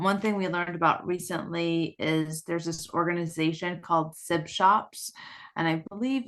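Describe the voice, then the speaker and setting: Female panelist, brisk and organized, low pitch, bright tone. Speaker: parent panelist. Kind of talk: roundtable discussion.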